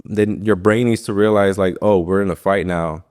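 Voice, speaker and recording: A man's voice: deep voice, steady tone, normal speed, darkish tone, clear, resonant tone. A young man, a fighter, telling his story in a casual interview, rambling with lots of fillers and swearing freely. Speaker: guest, professional MMA fighter.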